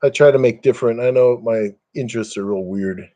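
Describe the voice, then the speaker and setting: A man's voice: medium pitch, brisk, dark tone. An older man chatting casually on a webcam live stream at home, rambling and self-deprecating, chuckling often.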